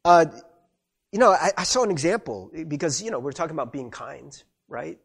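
Man, pastor, conversational sermon, husky voice, slightly high pitch, very expressive. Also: brisk. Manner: conversational, animated, acts out quoted voices.

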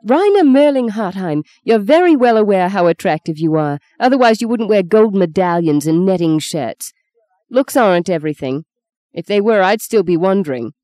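A woman voicing a quick-tongued, teasing young actress in an audiobook reading. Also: fairly low pitch, animated, darkish tone, no room sound, close to an everyday voice. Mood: indignant. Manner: brisk, mocking, spirited.

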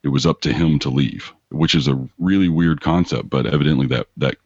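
Very deep gravelly man. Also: a little fast, darkish tone, dry recording, lo-fi sound. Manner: rambling, chuckling often. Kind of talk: casual tabletop game chat.

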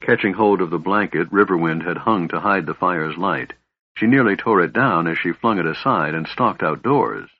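A man narrating a fantasy audiobook in a measured storytelling manner. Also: sits low, slightly rough, dry recording, narrow, tinny audio.

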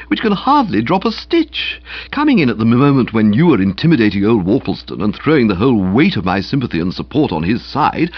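A man voicing an eager, excitable young gentleman friend who lays out schemes in an emphatic, breathless rush, in an audiobook. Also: mid-range voice, slightly rough, dry recording, lo-fi sound. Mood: earnest. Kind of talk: audiobook character voice.

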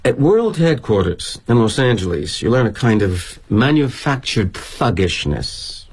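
A man's voice: medium pitch, big pitch swings, unhurried, darkish tone, husky, exaggerated voice. A middle-aged man performing a theatrical monologue as a corporate executive, wry and sardonic in a confiding tone.

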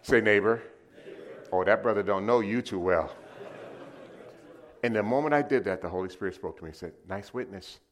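A middle-aged man delivers a sermon in a deep, low voice. He tells a personal story, calling out loudly to the congregation one moment and dropping to a hushed tone the next. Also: fairly quick. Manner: storytelling with shifts from loud to hushed. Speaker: preacher.

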